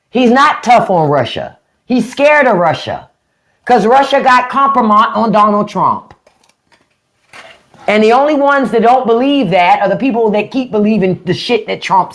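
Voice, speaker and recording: Blunt, mocking livestream host with a lively voice. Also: male voice, very high-pitched. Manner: blunt, mocking, profane, talks back to chat comments. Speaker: podcast host on a live stream. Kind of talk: unfiltered political rant to live chat.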